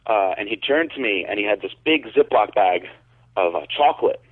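A man with a fairly low voice tells a story as a podcast co-host. He wanders through it with plenty of "like" and "uh". His voice comes through a thin, phone-like channel. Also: animated, fairly quick, husky. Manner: rambling, many fillers and restarts. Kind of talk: casual storytelling. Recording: phone-like narrow sound.

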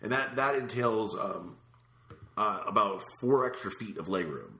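A man telling a story in casual podcast chat, animated and acting out the other people's lines, swearing casually. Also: on the low side, measured pace. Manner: animated, acts out quoted voices, swears casually. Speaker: podcast host. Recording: roomy echo.

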